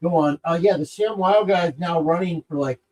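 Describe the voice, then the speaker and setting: Middle-aged male podcast co-host, slightly high voice, loose and joking delivery. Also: brisk, a little mellow, slight background noise, rough recording. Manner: rambling, jokey, distracted while fiddling with gear. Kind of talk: casual chat.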